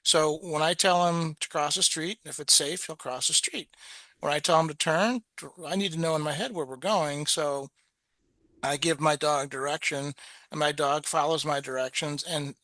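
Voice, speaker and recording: A man's voice: a little high, fairly even intonation, moderate pace, bright, forceful tone, dry recording. A man presenting in a webinar, telling a story in a chatty way with many restarts and quoted voices.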